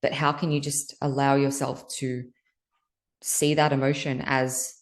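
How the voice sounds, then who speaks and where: A woman's voice: very deep voice, flat delivery, a little slow. A woman guest on a podcast, a healer, talking candidly about emotional release in a loose, earnest, filler-heavy way. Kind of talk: candid spiritual interview talk.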